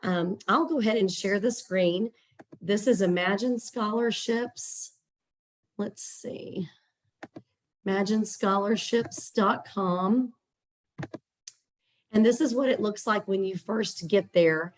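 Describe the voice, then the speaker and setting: A hoarse woman with a Texas accent, presenting as a guest in a webinar over a video call, chatty and upbeat with frequent fillers. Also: medium pitch, takes it slowly, pauses often. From Central Texas. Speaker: guest presenter for a scholarship platform. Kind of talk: webinar presentation with screen share.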